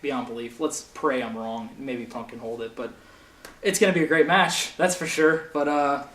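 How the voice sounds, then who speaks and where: A man's voice: medium pitch, steady tone, moderate pace. Ranting, profane young man in an echoey room. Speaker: wrestling show host. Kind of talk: heated casual commentary. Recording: echoey room, faint noise.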